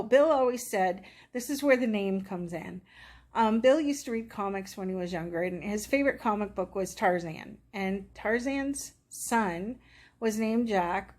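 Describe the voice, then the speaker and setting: A middle-aged woman telling her viewers a personal story in an easygoing, rambling vlog style. She gets openly emotional and plays out both sides of each conversation she retells. Her voice sits at an ordinary middle pitch. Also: darkish tone. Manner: chatty, rambling, emotional, acts out quoted dialogue. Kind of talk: casual storytelling to camera.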